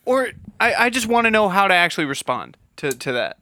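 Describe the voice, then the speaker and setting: A sarcastic young man co-hosts a casual podcast. His voice sits slightly high and swings widely in pitch, and he laughs often as he jokes. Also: very animated, a little fast, sharp tone. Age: young adult. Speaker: podcast co-host. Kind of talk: casual banter.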